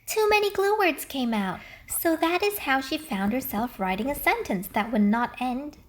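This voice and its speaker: Woman reading a kids book out loud, high voice, lots of expression. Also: expressive, moderate pace. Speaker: storybook reader. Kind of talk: children's book read-aloud.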